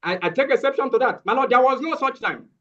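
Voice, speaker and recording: Man, lawyer, indignant, very high sharp voice, dull lo-fi sound. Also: animated, quick pace. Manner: indignant, objecting. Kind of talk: courtroom proceedings.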